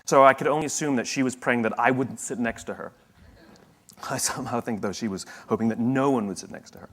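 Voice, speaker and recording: A man's voice: medium pitch, fast. A man giving a motivational talk, telling a story in a conversational, wry way with asides and self-corrections. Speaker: motivational speaker.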